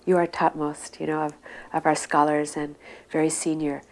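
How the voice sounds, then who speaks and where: A woman's voice: low-pitched, little pitch movement, moderate pace, slight background noise. A woman voicing an elderly male spiritual master who gives orders in a strong, emphatic way. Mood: firm, commanding. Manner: forceful, emphatic.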